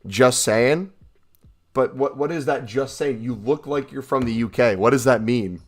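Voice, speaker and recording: A man's voice: medium pitch, measured pace. A young American man casually chatting on a livestream, reading out and answering chat questions with jokes. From United States. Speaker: streamer reading live chat.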